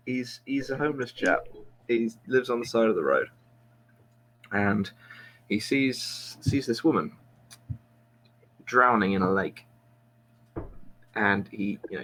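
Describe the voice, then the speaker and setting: A man's voice: fairly low pitch, fairly bright tone, slight background noise, poor audio. A man hosting a casual quiz chat, telling a long shaggy-dog joke in a meandering, self-interrupting way. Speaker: quiz show host. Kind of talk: rambling joke-telling among friends.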